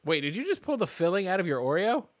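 A man's voice: high voice, big pitch swings, fast, noisy background. A man co-hosting a podcast in casual chat, teasing, playful and opinionated. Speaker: podcast co-host.

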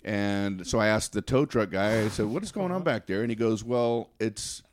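A man casually telling a funny anecdote, stumbling over words and laughing as he goes. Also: lowish voice. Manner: halting, repeats words, laughs through the story. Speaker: storyteller.

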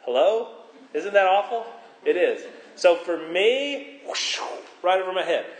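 A middle-aged pastor preaching a sermon, animated and joking, asking the congregation rhetorical questions. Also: male voice, high voice, measured pace. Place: church hall. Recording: echoey church hall.

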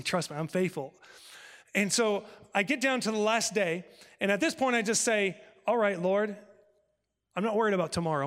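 A male pastor telling a personal story in a sermon, acting out conversations with lively shifts of voice. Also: sits high, long reverb tail. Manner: animated, acts out dialogue with God and his wife.

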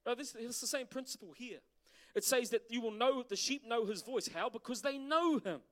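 A man's voice: extremely high pitch, moderate pace. A middle-aged man preaching a sermon as pastor, asking the congregation questions. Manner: animated preaching with rhetorical questions.

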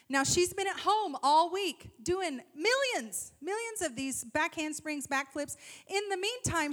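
A woman in her thirties giving an animated, self-deprecating talk to a church group, telling a personal story with humor. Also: high voice. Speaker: speaker at a church gathering.

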